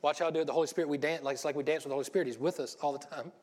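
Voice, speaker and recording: A man's voice: on the high side, fairly even intonation, rapid-fire, darkish tone. Folksy man preaching casually. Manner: folksy, rambling, joking asides with the congregation. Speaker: lay preacher. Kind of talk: informal church sermon.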